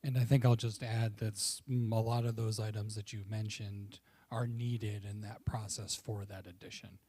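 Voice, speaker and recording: A man's voice: lowish voice, level tone, normal speed, dark tone, a little hiss or hum. Reassuring man answering a board. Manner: plain and reassuring, self-conscious about his volume. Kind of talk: answering questions at a school board meeting. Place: public meeting room.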